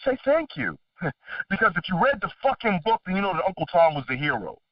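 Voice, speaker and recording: A middle-aged man hosting a podcast, talking in a casual, animated way, swearing freely and laughing between his points. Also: sits high, fairly quick, crowd noise. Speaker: podcast host. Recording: dull distant lo-fi dry recording.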